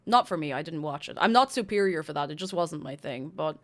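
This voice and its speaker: A young woman talks casually and animatedly to her livestream viewers, staying close to her desk microphone. Her voice is low and brisk, and she often stops and restarts her sentences.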